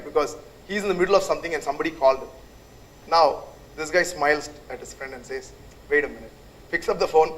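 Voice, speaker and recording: A man's voice: fairly high pitch, fairly bright tone, rough recording. A middle-aged man giving a loose, conversational lecture to students, telling stories with many fillers. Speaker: guest lecturer, entrepreneur. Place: lecture hall.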